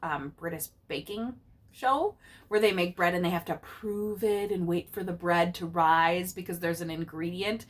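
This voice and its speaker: Voicing each character and pausing to explain idioms, a woman reads a picture book to her child. She speaks on the low side.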